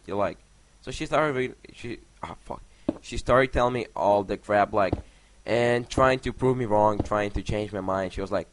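The speaker is a young male gaming vlogger casually telling a story over his gameplay, rambling, cursing frequently, and whispering block counts. He has a mid-range voice at a moderate pace, recorded on a noisy home mic.

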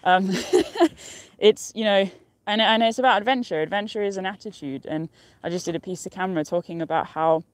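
A young woman with a medium-pitched, steady voice livestreams from a mountain top as an outdoor vlogger, talking briskly. She chats casually and cheerfully, rambling and laughing often, and there's no room sound.

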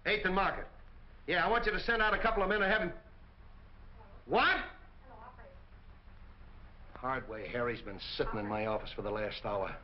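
An actor playing a brusque, hard-boiled police captain who barks orders. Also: male voice, mid-range voice, normal speed, long pauses, crowd noise, natural voice. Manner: gruff, barking orders. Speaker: police detective. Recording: muffled 1940 film soundtrack with hiss.

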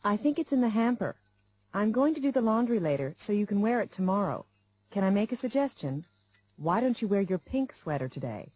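A woman playing a patient mother in a scripted textbook dialogue, calm and organized. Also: medium pitch, brisk, breathy edge.

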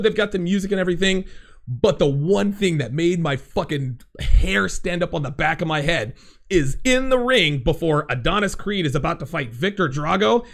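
A man hosting a livestream, reading out chat comments in blunt, profane, excitable casual talk. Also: on the high side, creaky.

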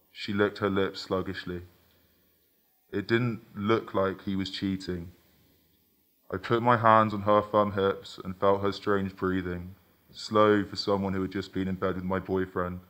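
A man reading his own first-person short story aloud in a measured, intimate way. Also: low-pitched, a bit bright.

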